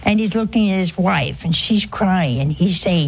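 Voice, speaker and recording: A woman in an informal religious broadcast, telling a story earnestly and with emphasis, sometimes dropping to a hushed voice. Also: lowish voice, animated, moderate pace, gravelly, slightly rough. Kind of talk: informal spiritual talk with a story.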